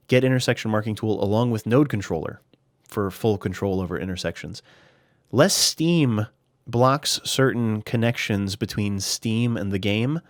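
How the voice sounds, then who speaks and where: A man casually talking through his game mods in a relaxed, chatty way, with fillers and restarts, a little out of breath at times. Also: fairly low pitch, no room sound, studio quality. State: slightly out of breath. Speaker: gaming YouTuber. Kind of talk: casual screen-recorded tutorial commentary.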